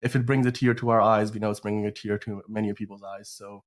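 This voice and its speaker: A man's voice: fairly low pitch, little pitch movement, quick pace. Rambling sick-voiced man chatting. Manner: rambling, full of "like" and restarts. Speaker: podcast host. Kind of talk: casual podcast chat.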